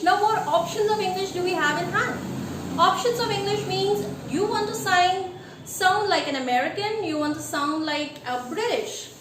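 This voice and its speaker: Woman, high-pitched, pronunciation teacher, emphatic instructional delivery, roomy echo. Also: fairly bright tone. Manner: deliberate, emphatic, rhetorical "Yes?" checks. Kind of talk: instructional lesson. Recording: echoey room with faint ambient noise.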